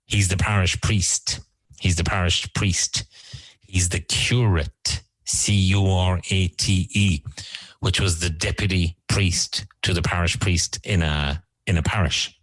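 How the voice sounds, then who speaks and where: A man's voice: sits low, steady tone, a bit bright, no room sound, poor audio. A man teaching English vocabulary, repeating each word and explaining how it is used. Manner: repeats words slowly and explains them. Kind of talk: vocabulary lesson.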